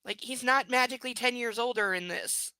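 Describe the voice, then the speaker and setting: A woman's voice: fairly high pitch, brisk, pushed and bright, clean tone, no echo. A woman reading a novel aloud live, breaking off for sarcastic, incredulous commentary. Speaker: book reader and commentator.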